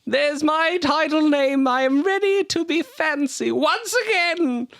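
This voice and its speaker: A pompous, washed-up male showman, drunk and full of himself, as a game master puts him on. He talks very high and slow, stretching his words out with grand flair. The recording is close and dry. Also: fairly bright tone, no room sound. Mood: grandiose. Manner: grandiose, drawn-out theatrical delivery.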